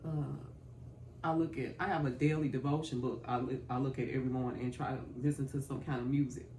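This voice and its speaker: A woman's voice: a bass voice, fairly even intonation, fast. A middle-aged woman, a family caregiver, telling her story in an emotional interview. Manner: emotional, rising to tearful and loud when recounting. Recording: echoey room, mic at a distance, faint background noise.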